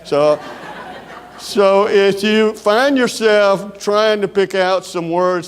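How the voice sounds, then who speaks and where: A man with a Southern US accent delivers a keynote in a folksy, storytelling manner, pausing often on fillers. His voice is smooth and resonant, with a long reverb trailing off the walls of a large conference hall. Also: high voice. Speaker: keynote speaker.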